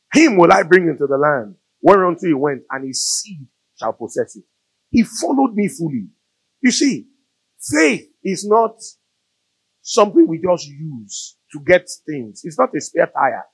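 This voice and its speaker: A man with a Nigerian accent preaches, swinging his voice widely as he tells a story and drives toward loud, emphatic peaks. His voice is gravelly and a little husky, sitting fairly high for a man. The recording is dry and close. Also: big pitch swings, a little slow, dry recording, low-quality recording. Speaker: pastor. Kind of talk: sermon. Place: church or studio.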